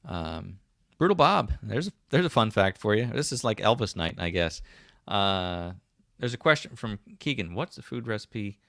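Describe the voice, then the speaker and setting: A man in his fifties with a South Jersey accent hosts a relaxed livestream, rambling through viewer comments with plenty of ums and restarts. His low voice has a gravelly edge, and it sounds dry and close to the mic. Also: moderate pace, dry recording. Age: 50s. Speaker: livestream host. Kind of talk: casual livestream chat reading comments.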